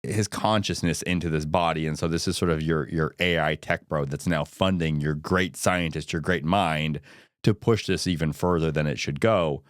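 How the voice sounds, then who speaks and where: Podcast co-host, man, low voice, dry close sound, animated and quick with restarts. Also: no room sound. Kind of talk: casual film discussion.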